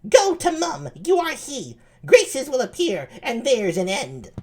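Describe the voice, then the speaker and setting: A man voicing a waiting-gentlewoman in a strained high falsetto while reading a play aloud on stream. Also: huge pitch swings, slow pace, exaggerated voice. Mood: teasing. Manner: falsetto, teasing. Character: shrill high-voiced older waiting-gentlewoman.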